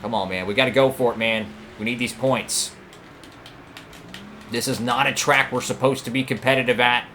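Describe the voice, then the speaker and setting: A young man commentating his own racing game run, excitable and talking at the other drivers. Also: medium pitch, moderate pace, a little hiss or hum. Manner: excitable, talks to rival drivers, frequent outbursts. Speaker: gaming channel host.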